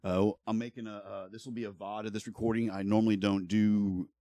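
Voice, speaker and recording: A man's voice: on the low side, flat delivery, fairly quick, mellow, no echo. A middle-aged man streaming live, talking casually and bluntly, ranting heatedly and swearing a lot. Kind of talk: casual livestream talk.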